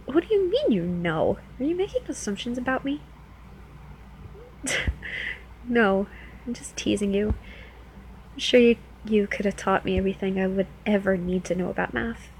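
A woman's voice: medium pitch, expressive, normal speed, pauses often, a little mellow, slight background noise, natural voice, rough recording. A woman playing a teasing New Jersey club dancer. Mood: flirty teasing. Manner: playful, teasing, coaxing. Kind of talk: first-person audio role-play.

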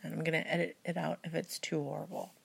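A young woman with a Midwestern US accent, talking in a hushed, often half-whispered way with many hesitations, reading aloud and working through a word list. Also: sits low, fairly even intonation, fast, creaky, slight background noise. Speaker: video host. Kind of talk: soft-spoken accent tag and book reading.

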